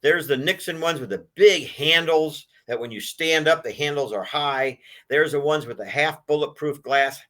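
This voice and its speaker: A man's voice: fairly high pitch, moderate pace, few pauses, sharp tone. An older man telling rambling stories in a casual interview, acting out what other people said. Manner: rambling anecdotal storytelling, acts out quoted voices. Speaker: guest, collector of a presidential car.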